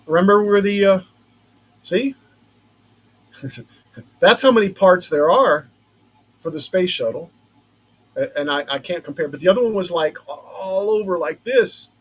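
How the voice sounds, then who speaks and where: A man's voice: high-pitched, animated, measured pace, pauses often, slightly rough. A man chatting casually on a livestream from his woodworking shop, rambling and thinking aloud as he works. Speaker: maker streaming a laser-cut build.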